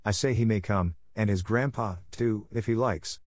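A man reading aloud, voicing a shy, gentle girl who speaks up with quiet resolve. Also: on the low side, moderate pace, no echo, studio quality, close to an everyday voice. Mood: resolute. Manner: timid but resolute. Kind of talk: audiobook character voice.

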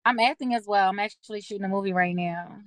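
A woman's voice: mid-range voice, no room sound. A young woman from West Philadelphia, a musician and actor, chatting as a guest in a friendly, talkative way. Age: young adult. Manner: friendly, chatty, quick to laugh along. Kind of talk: casual interview chat.

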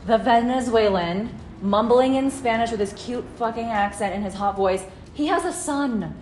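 Woman, thirties, podcast co-host, animated, swears, slightly high voice, faint noise. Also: moderate pace. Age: 30s. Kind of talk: casual chat.

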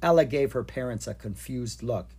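A reader narrating a children's storybook in a lively, expressive way. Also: mid-range voice, normal speed, slightly rough. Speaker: audiobook reader.

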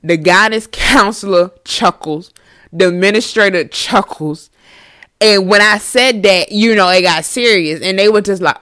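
A woman podcast host telling a storytime monologue in a candid, profane, animated way. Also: mid-range voice, moderate pace, dry recording, clean studio sound.

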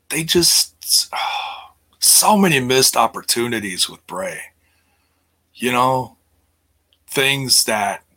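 A man's voice: medium pitch, sharp tone. A middle-aged man chatting casually on his livestream, rambling with many fillers and restarts. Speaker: livestream host.

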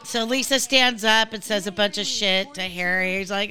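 Woman podcaster recapping tv, bright crisp voice, blunt and a bit profane, goes off on tangents. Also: medium pitch, normal speed. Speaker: podcast host. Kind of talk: casual recap commentary.

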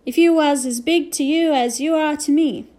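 Boone, a woman doing a gruff tiny cowboy. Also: high-pitched, moderate pace, warm tone, pitched above the performer's own voice, natural voice. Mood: earnest. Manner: rustic ungrammatical drawl. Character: gruff, ever-hungry tiny cowboy man, grumpy.

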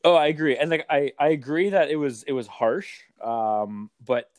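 A man co-hosting a soccer podcast in casual chat, measured and explanatory, readily agreeing with others. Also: fairly high pitch, dry recording.

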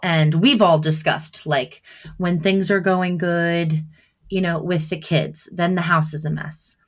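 Chatty low-voiced mom from New Jersey. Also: female voice, fairly even intonation, unhurried. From Southern New Jersey. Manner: chatty, laughs often, acts out her own lines to her kids. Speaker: podcast co-host. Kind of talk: casual chat.

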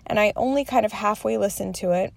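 A woman's voice: mid-range voice, fast talker, gravelly, dry recording. A woman in her thirties talking candidly through her day in a rambling, confessional vlog, swearing freely. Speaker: mother sharing her day.

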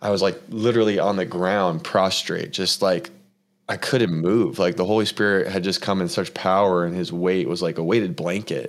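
A man's voice: low voice, steady tone, normal speed. A man hosting a casual faith-focused conversation, telling a long personal story in an earnest, rambling way with lots of fillers. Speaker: podcast host.

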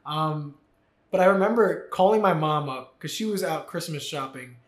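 A man's voice: fairly high pitch, animated, moderate pace. A young man co-hosting a podcast, telling rambling stories in a casual, filler-heavy way. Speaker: podcast co-host. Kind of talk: casual chat. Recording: echoey room.

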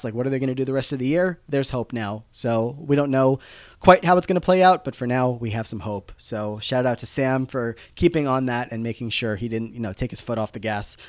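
A man's voice: medium pitch, darkish tone, no echo, clean studio sound. A man co-hosting a podcast, recapping episode events in a loose, filler-heavy way. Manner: rambling plot recap with many fillers. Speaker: podcast co-host. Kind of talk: casual recap chat.

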